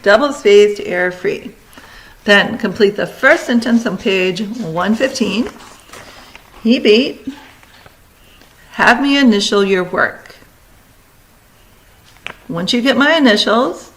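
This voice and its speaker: A woman teacher giving a recorded lesson, talking students through steps in brisk, directive instructions. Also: on the high side, lively intonation, a bit bright, low-quality recording.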